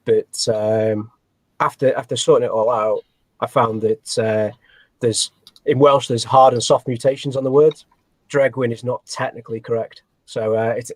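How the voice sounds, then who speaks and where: A man's voice: medium pitch, darkish tone, no echo. Man, podcast guest, rambling, self-deprecating, dry close sound. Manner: self-deprecating, rambling, many fillers and restarts. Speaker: guest, snake breeder. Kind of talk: casual interview chat.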